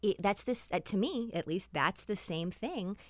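A woman's voice: mid-range voice, expressive, moderate pace, dry recording. Wry sarcastic woman podcast guest. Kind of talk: casual political podcast chat.

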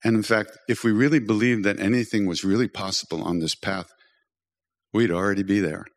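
Low-voiced older man telling spiritual stories. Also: fairly even intonation, fairly quick. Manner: gently humorous, self-deprecating storyteller. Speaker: spiritual teacher and podcast host. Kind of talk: storytelling spiritual talk.

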